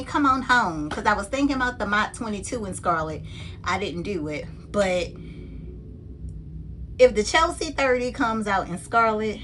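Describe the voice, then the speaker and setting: A woman's voice: mid-range voice, slight background noise. Chatty woman vlogging about handbags. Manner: chatty and animated, talks straight to her viewers. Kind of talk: casual unboxing chat to viewers.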